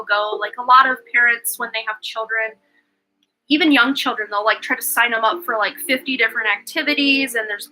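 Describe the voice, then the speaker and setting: A woman with a high, bright voice gives a live-streamed tarot reading. She talks effusively and chattily, full of "like" and "um" fillers. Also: rough recording. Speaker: tarot reader and livestream host.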